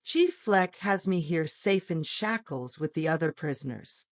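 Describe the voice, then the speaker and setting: A woman's voice: low-pitched, expressive, measured pace, no room sound, clean studio sound. A woman reading the part of a jovial British army captain with a London accent, breezy and gleeful. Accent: London English.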